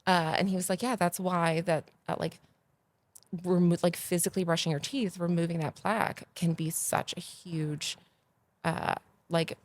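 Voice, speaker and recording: A woman, a podcast guest telling stories in a casual, animated way that grows loud and excited. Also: lowish voice, moderate pace, no room sound. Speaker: podcast guest, agency founder. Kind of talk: casual interview storytelling.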